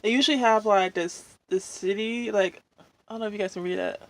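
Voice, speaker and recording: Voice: medium pitch, a bit bright, no echo. A vlogger, chatting casually while eating at home, venting in a rambling way full of fillers. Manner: rambling, drawn-out, many fillers. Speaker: mukbang vlogger.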